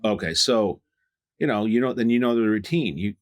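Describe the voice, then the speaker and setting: Answering interview questions as a guest, a middle-aged home services business owner rambles candidly, restarts often, and uses some mild profanity. His voice is on the low side at a moderate pace, with no room sound.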